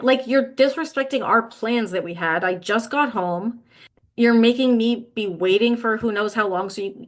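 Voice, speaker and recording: A woman's voice: mid-range voice, a bit bright. A woman co-hosting a podcast, casually retelling a book's plot in her own words and quoting characters with lots of "like". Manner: recaps plot with quoted lines, lots of "like". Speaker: podcast co-host. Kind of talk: casual book-recap chat.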